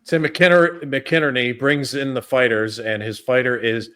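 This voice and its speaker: A man's voice: medium pitch, fairly even intonation, normal speed, a bit bright, clear, resonant tone. Chatty man rambling through a review. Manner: rambling, chatty, filler-heavy. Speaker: film review podcast host. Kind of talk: casual chat.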